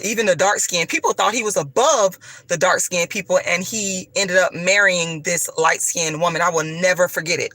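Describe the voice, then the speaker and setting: A woman's voice: mid-range voice, pushed and bright, no room sound. A woman as an interview guest, recounting her experiences bluntly and emphatically, repeating herself and swearing freely. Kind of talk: emphatic personal storytelling.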